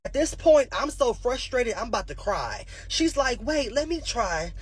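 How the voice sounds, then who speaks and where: A man's voice: extremely high pitch, big pitch swings, normal speed, slightly rough. A man in his twenties telling a comic story from his childhood in a stand-up style, laughing at his own jokes and acting out the voices. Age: 20s. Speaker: comedian.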